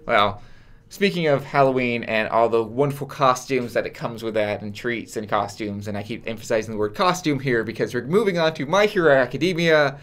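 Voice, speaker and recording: A man's voice: mid-range voice, a little fast, fairly bright tone. A man co-hosting a casual podcast chat, wry and fond of quoting lines in mock voices. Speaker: podcast co-host.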